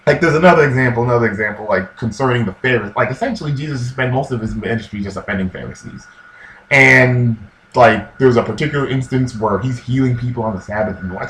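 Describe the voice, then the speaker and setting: A man giving casual religious commentary in a slangy, animated way, acting out quotes in different voices. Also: medium pitch, fast. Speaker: vlogger. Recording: echoey room with faint ambience.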